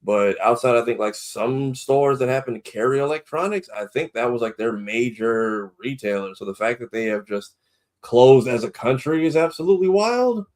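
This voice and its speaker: Chatty relaxed male co-host. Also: mid-range voice, moderate pace. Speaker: podcast co-host. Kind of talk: casual chat.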